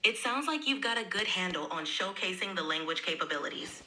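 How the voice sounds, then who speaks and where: A woman's voice: on the low side, expressive, a little fast, sharp tone, poor audio. A synthetic woman's voice of an AI assistant, polite and upbeat, eager to help.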